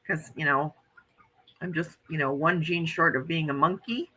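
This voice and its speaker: An American woman in middle age hosts a relaxed livestream, chatting earnestly and reading her viewers' comments aloud. Her voice is very bright and slightly low-pitched. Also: moderate pace, low-quality recording. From United States. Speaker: livestream host reading chat. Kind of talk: casual chat.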